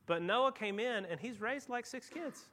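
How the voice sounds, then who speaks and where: A man preaching a sermon as pastor, telling stories and swinging from quiet asides to loud, emphatic peaks. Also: very high-pitched, moderate pace. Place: church.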